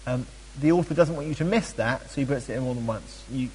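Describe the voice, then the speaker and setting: A man teaching a Bible study, chatty and animated, with frequent ums and playful asides. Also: medium pitch, quick pace, long reverb tail, a little hiss or hum, rough recording.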